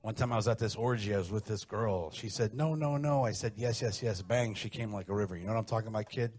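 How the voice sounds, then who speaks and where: A man voicing his older father, a food-loving man who talks in a hushed, coaxing way. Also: lowish voice, fast talker, close to an everyday voice. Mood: nostalgic.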